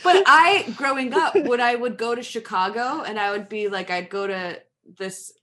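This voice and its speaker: A woman's voice: a little high, moderate pace, sharp tone. A woman co-hosting a podcast in casual chat, laughing and asking the others questions. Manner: chatty, laughs often, asks the others questions. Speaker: podcast co-host.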